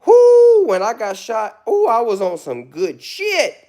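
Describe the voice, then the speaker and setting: A man hosting a live stream, ranting loudly with insults and rambling asides. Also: high-pitched, huge pitch swings, measured pace. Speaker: livestream host. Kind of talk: profane rant on a live stream.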